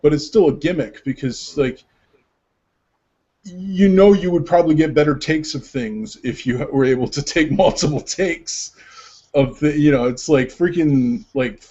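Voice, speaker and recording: A man's voice: on the high side, unhurried. Rambling casual man, lo-fi sound. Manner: rambling, many filler words, animated retelling. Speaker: podcast co-host. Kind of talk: casual chat about movies. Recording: dull lo-fi sound.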